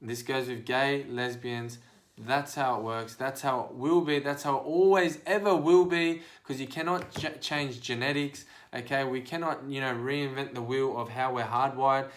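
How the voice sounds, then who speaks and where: A man hosts a podcast and talks straight to his listeners. His delivery is casual but preachy, building into animated bursts as he lays out his advice. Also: medium pitch, moderate pace. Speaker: podcast host and life coach.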